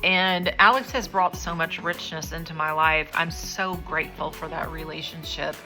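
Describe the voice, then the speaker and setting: Host, woman, early fifties, low voice, earnest and emotional. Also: fairly even intonation, moderate pace, bright, forceful tone, soft background music. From rural United States. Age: 50s. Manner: emotional, tearful at times, sincere. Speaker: podcast host. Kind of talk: heartfelt conversation and closing to camera.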